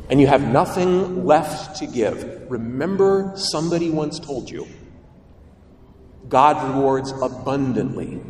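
A man's voice: on the high side, slight background noise. A man preaching a sermon as a priest, telling stories and asking his listeners rhetorical questions. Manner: animated storytelling, rhetorical questions. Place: large church. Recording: echoey church from far off.

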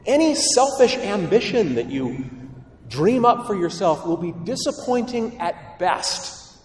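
A male priest preaching in a large church, his voice carrying a long reverb from a mic set well back. He tells lively stories and throws rhetorical questions to the congregation. His delivery is animated, pitched a little high for a man. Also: slight background noise. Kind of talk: sermon. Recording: echoey church from far off.

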